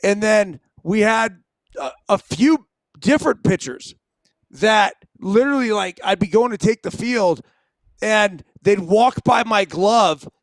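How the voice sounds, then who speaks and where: A man's voice: high voice, lively intonation, measured pace, dry recording. A middle-aged man co-hosting a baseball show, chatting casually and laid-back, often saying "dude". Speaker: co-host, former ballplayer.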